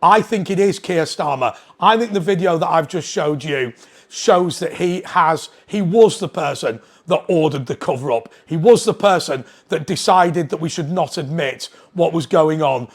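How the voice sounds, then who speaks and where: A man with a notably high-pitched voice delivers a political commentary straight to camera. He is indignant and keeps hammering his points with pointed rhetorical questions. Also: moderate pace. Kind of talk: opinionated monologue to camera.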